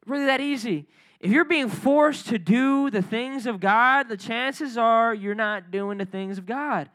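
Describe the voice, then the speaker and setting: A young man preaching a casual, energetic youth sermon, building up to near shouting at its peaks. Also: sits high.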